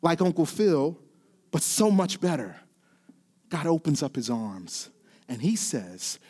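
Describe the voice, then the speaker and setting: A man preaching a sermon, often dropping quiet and then building to emphatic, repeated calls. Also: on the high side, very animated, slow, breathy edge. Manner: swings from quiet to rising, emphatic repetition. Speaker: pastor.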